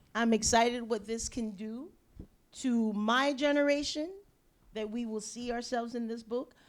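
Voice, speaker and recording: A woman from Panama speaking on a discussion panel. Her voice is fairly high and her delivery slow, with emphatic repeated phrases and frequent restarts.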